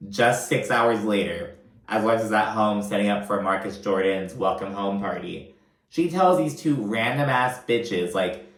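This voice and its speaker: A man's voice: on the low side, measured pace. Profane gossipy man recapping reality TV. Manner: profane, gossipy, acts out quotes in voices. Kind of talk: casual recap commentary. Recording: echoey room.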